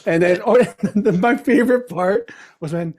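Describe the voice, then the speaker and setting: A middle-aged man with a notably high voice for a man, telling stories in a casual podcast chat. He is animated and laughs often, slipping into other people's lines as he goes. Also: normal speed. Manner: animated, laughing storyteller who acts out quotes. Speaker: podcast guest, comic writer. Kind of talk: casual anecdotal storytelling.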